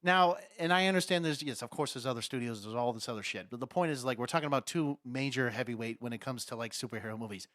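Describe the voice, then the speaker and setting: A man co-hosting a casual podcast, loud and excitable, swearing often. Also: mid-range voice, fast, few pauses, dry recording, studio quality. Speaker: podcast co-host.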